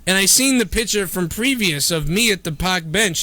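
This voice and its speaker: A man's voice: high voice, lively intonation, moderate pace, bright, forceful tone, no room sound. A man hosting a live call-in stream, rambling through crude, profane jokes in casual banter. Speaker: live stream show host.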